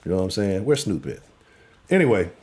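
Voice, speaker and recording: A man's voice: deep voice, very animated, fast, a little mellow. A man hosting a live sports talk show, brash, joking and profane.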